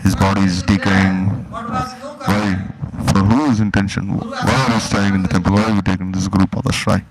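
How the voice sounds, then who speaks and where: A spiritual teacher gives a devotional discourse, pushing his listeners with one rhetorical question after another. His voice is deep, his pace moderate, and the recording is rough.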